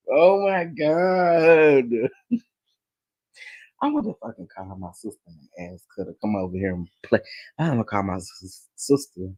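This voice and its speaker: A man, hosting a casual commentary chat, animated and dramatic as he talks to his viewers. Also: fairly low pitch, no echo, low-quality recording. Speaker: commentary channel host.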